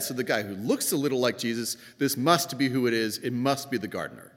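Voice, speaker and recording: Sing-song and brisk with few pauses, this pastor's fairly bright voice fills a church hall with long reverb. He preaches conversationally, narrating the story his own way and voicing the people in it with big, emphatic swings in pitch.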